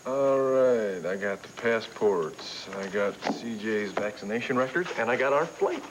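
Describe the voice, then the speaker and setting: An actor playing a cheerful, reassuring young husband, in 1980s TV soap acting. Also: male voice, medium pitch, lively intonation, unhurried, noisy background, natural voice. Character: upbeat, supportive young husband.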